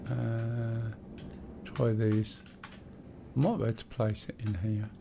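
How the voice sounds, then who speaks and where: A man chats away on his game stream, guiding a friend and musing aloud with plenty of ums. His voice sits a little low with a gravelly edge. A faint background hiss runs under the recording. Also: level tone, slow. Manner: chatty, guiding a teammate, thinking aloud with fillers. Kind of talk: casual gameplay chat.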